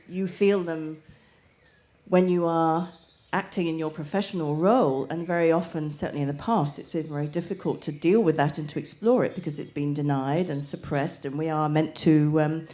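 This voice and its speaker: Brief: earnest woman audience member, measured delivery, lowish voice. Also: fairly even intonation, warm tone. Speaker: audience member asking a question. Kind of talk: audience question at a live talk.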